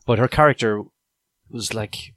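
A man's voice: on the low side, unhurried, no echo, clean studio sound. Laughing man on a podcast call. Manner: animated, laughs a lot, acts out quotes. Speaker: podcast co-host. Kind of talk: casual chat on a video call.

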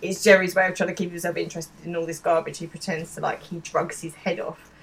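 A woman's voice: lowish voice, level tone, quick pace, vocal fry, slight background noise. A woman co-hosting a podcast, thinking aloud casually about a TV episode's characters. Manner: chatty and musing, thinking aloud with fillers. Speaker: podcast co-host. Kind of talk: casual chat discussing a TV episode.

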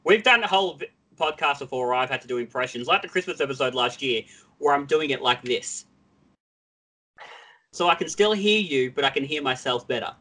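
A man's voice: medium pitch, expressive, brisk, bright, forceful tone. A man chatting as a podcast guest, eager and joking, trying out impressions. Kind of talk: casual chat. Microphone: headphones, podcast mic.

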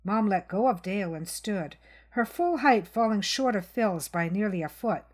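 A woman reading a crime short story aloud in a measured narration. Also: mid-range voice, animated. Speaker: reader.

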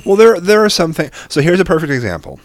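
A man's voice: on the high side, sing-song, quick pace, no echo. A young man co-hosting a casual podcast chat, telling stories in a rambling, profane way with many restarts. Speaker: podcast co-host.

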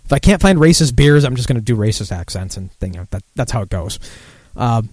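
A man's voice: medium pitch, expressive, fairly quick, darkish tone, dry recording. A man hosting a casual drinking podcast, rambling and sardonic with lots of profanity. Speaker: podcast host.

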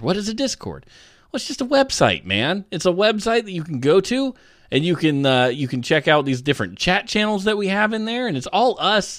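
A man's voice: on the high side, fairly bright tone, no echo, studio quality. Goofy rambling male podcast host. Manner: goofy, rambling, playful asides. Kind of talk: casual comedic news podcast chat.

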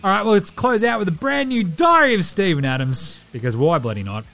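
Brash sports podcast host. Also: male voice, high voice, big pitch swings, gravelly, a bit bright, soft background music. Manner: brash, rapid plugs and banter. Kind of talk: casual sports podcast outro.

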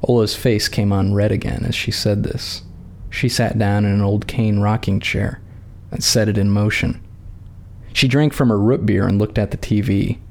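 A man calmly reading a short story aloud in a measured narrating voice. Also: on the low side, vocal fry.

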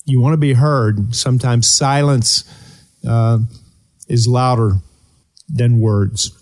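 A man's voice: medium pitch, fairly even intonation, a little mellow. Earnest motivational coach, a man. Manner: earnest coaching, rhetorical questions, slows down with deliberate pauses. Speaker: host and performance coach. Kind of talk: motivational talk show.

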